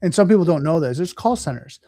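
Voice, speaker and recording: A man hosting a podcast interview, talking casually and acting out scenarios with lively quoted voices. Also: a little high, quick pace, a little hiss or hum. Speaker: podcast host.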